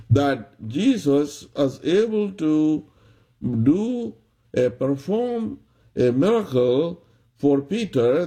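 A man preaching a sermon, retelling a story in a slow, halting way with many restarts. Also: fairly high pitch, mellow, slightly rough.

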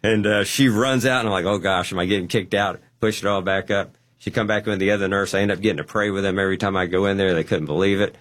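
A man telling a personal testimony story, animated and acting out the quotes. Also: sits low, fast talker, few pauses. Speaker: guest.

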